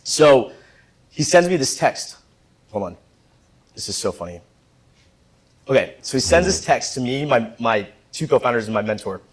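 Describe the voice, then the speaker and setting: A young man in his twenties, a guest speaker telling a rambling, animated story to a live audience, with lots of filler words. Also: medium pitch, normal speed, long pauses.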